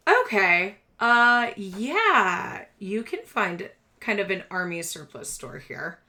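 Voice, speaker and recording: A woman running a tabletop game as game master, describing scenes slowly and deliberately. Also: mid-range voice, very animated, bright, forceful tone.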